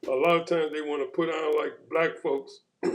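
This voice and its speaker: A man in casual conversation, retelling a run-in with police in an animated way and acting out the quoted exchanges. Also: on the high side, moderate pace, a little hiss or hum, low-quality recording.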